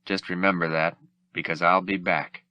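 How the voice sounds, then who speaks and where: A man's voice: deep voice, level tone, normal speed, no echo, lo-fi sound, natural voice. A man voicing a cocky, tough male space smuggler, speaking tersely in an audiobook reading. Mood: tender.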